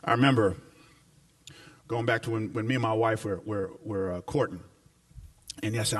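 A male pastor preaching a sermon, animated and full of repeated phrases, telling folksy, humorous stories to his congregation. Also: lowish voice, moderate pace, pauses often. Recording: voice picked up from a distance.

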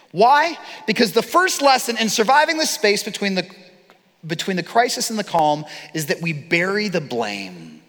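High-pitched guy preaching, animated storytelling, big echoey church hall. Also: creaky. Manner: animated storytelling with acted-out quotes. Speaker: pastor. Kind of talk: sermon. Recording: long reverb of a large hall.

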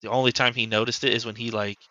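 A man's voice: mid-range voice, level tone, fast, pushed and bright, dull audio. A man hosting a podcast, telling a personal story as a father in a loose, rambling way that is full of "like". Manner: loose and rambling, heavy use of "like". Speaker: podcast host. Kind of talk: casual storytelling chat.

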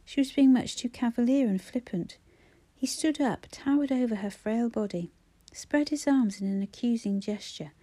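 A woman narrates a novel in a mellow, darker tone. Her delivery is measured and expressive, a steady storyteller's voice. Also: on the high side. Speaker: audiobook narrator. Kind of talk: scripted narration.

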